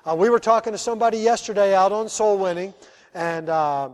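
A man with a high voice preaching a sermon as pastor. He tells stories and acts out their characters, and he is middle-aged. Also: brisk. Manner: storytelling, acts out the people in his anecdotes.

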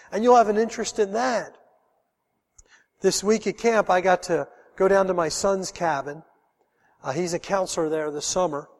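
Man preaching, high voice, earnest and emotional, middle-aged, long hall reverb. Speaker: pastor. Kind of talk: sermon.

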